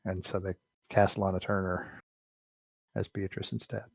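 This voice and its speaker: A man's voice: low-pitched, little pitch movement, a little slow, gravelly, husky, dry recording, dull audio. A man co-hosting a podcast, giving frank, opinionated views on an old film, often restarting his sentences. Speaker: podcast co-host. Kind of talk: casual film discussion.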